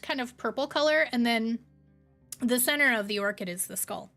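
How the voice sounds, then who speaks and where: A talkative woman in her thirties with a fairly high voice, chatting loosely with her viewers. Her tone jumps up for greetings and drops low for asides, with faint music playing underneath. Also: lively intonation, moderate pace. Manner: chatty, rambling, swings between bright greetings and low asides. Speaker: streamer. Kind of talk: casual chat reading live chat.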